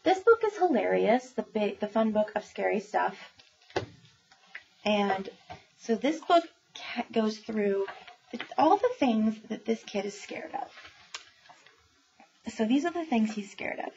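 A woman recommends new children's books in a chatty, enthusiastic book talk, filling her retellings with ums. Her voice has a gravelly edge, and the recording sounds dull and lo-fi with a faint hiss behind it. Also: on the high side, animated, a little slow, long pauses, darkish tone.

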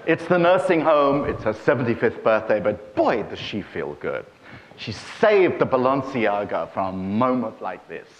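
A man telling jokes on stage in a droll, animated manner. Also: medium pitch, normal speed. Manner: droll, animated joke delivery. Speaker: guest storyteller. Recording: dull lo-fi stage recording.

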